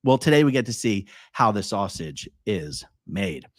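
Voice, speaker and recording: A man's voice: fairly low pitch, big pitch swings, moderate pace, no room sound, studio quality. A man hosting a casual live stream, reading a transcript aloud and adding chatty, wry asides to his viewers. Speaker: YouTube host. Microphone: own studio mic checked before streaming.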